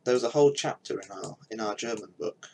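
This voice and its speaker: A man's voice: on the low side, fast talker, vocal fry, a little mellow, a little hiss or hum, rough recording. A young man thinking aloud in casual commentary while he builds a game map on a live stream, with mumbled asides as he works.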